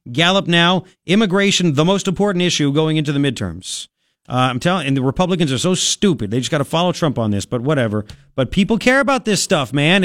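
A man's voice: on the high side, no echo. A man hosting a talk radio show, delivering a brash, sarcastic, opinionated monologue into a studio microphone.

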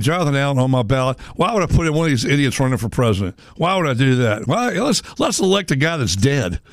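A middle-aged man hosts a sports talk radio show. He rambles in a folksy way, full of fillers and side comments. His voice sits at a middle pitch, close and dry on a studio mic. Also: no room sound. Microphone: studio microphone.

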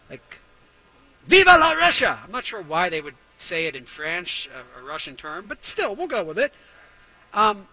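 A man's voice: high voice, pushed and bright, rough recording. A man hosting a talk show, ranting sarcastically and riffing for laughs. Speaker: radio show host. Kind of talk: comedic talk-show rant.

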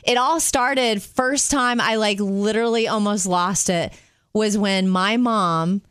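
A middle-aged woman co-hosting a show, telling stories in a lively, animated way. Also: medium pitch, clean tone, no echo, clean studio sound. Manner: animated storytelling, quick asides. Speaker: radio show co-host. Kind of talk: casual chat.

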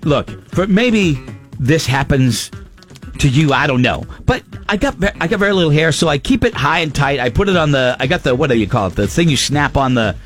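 A man's voice: on the high side, fairly quick, soft background music. A man in a casual group chat, telling a funny story with lots of laughter and acted-out sounds. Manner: animated storyteller, laughs often, acts out sounds.

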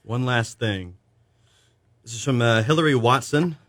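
A man's voice: mid-range voice, measured pace, fairly bright tone, no echo, clean studio sound. A young man, a musician guest, chatting casually and rambling with laughs in an interview.

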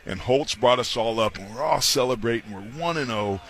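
A man guest on a sports radio show, telling stories and imitating coaches with lively voice swings. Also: medium pitch, a little fast. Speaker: guest, sports analyst and former football player. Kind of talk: animated radio interview. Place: radio row at a football event.

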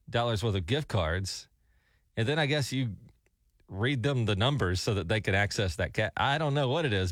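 A man's voice: medium pitch, no room sound, studio quality. A man from Alabama hosting a morning radio show, chatty and telling stories. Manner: chatty storyteller, animated. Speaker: radio host.

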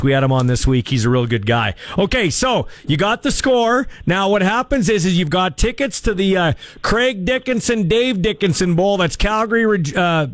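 Radio sports host guy, high voice, rambly and chatty, dry studio sound. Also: no echo. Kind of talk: casual call-in radio talk.

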